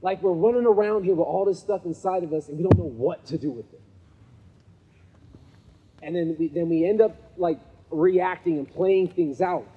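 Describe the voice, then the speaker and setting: A man's voice: high voice, moderate pace, narrow, tinny audio, slight background noise. A man giving a storytelling talk to a live audience at a gathering. He keeps checking in with "right?" and acts out the people in his stories. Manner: conversational, checks in with 'right?' often. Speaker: speaker at a men's gathering. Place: event venue with a live audience. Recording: long reverb of a hall.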